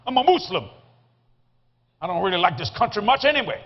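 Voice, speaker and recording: A preacher acting out an irate cab driver, ranting loud and hot. The voice sits fairly high and carries a hot, pushed edge. It comes through a slightly muffled recording. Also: male voice, very animated, a little fast, heavily acted. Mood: angry. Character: angry male cab driver, hostile, ranting.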